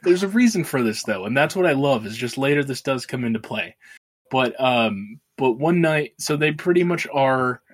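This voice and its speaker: A man's voice: medium pitch, animated, normal speed. A man co-hosting a podcast, casually recapping a film's plot in a rambling way, swearing and laughing as he goes. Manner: rambling, swears freely, laughs while retelling. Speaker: podcast co-host.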